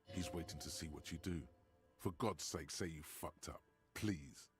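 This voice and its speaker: A man voicing the narrator of a video game, speaking in a measured, dry way. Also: extremely low pitch, soft background music. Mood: wry. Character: gravelly deep-voiced male game narrator.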